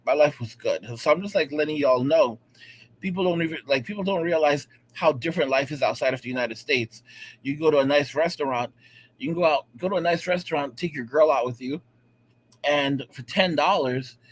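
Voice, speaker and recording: A man's voice: mid-range voice, a bit bright. A man ranting casually and profanely to his viewers, rambling and repeating himself, often checking in with "all right?". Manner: profane, rambling, repetitive and emphatic. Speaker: vlogger. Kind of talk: casual rant to camera.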